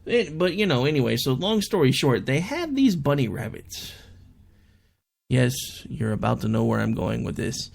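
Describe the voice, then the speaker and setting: A man's voice: mid-range voice, very animated, normal speed, vocal fry. A young adult man hosting an online talk show, chatting through a casual monologue and telling stories in which he quotes people in raised voices.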